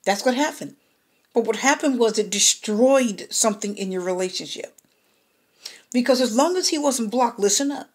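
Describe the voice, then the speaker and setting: A woman gives a personal tarot reading in a fairly high, husky voice. She talks straight to the listener, stresses her points, repeats them and keeps asking if they are heard. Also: expressive, moderate pace. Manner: emphatic, repeats herself, checks in with "okay?". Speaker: tarot reader.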